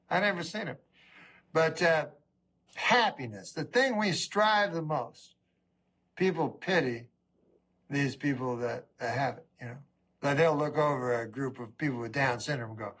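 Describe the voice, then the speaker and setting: A middle-aged man doing a stand-up comedy routine, rambling with a deadpan delivery. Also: a little high, moderate pace.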